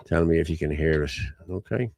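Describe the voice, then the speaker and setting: A man's voice: extremely low pitch, fairly quick, dark tone, a little hiss or hum. An Irish man hosting a casual livestream chat, talking in an emotional, rambling and repetitive way. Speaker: host.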